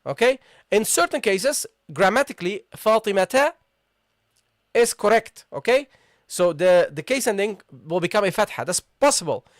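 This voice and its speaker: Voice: medium pitch, lively intonation, moderate pace, no echo, clean studio sound. A patient language teacher giving a live online lesson, repeating key points and checking in with the class. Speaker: Arabic teacher.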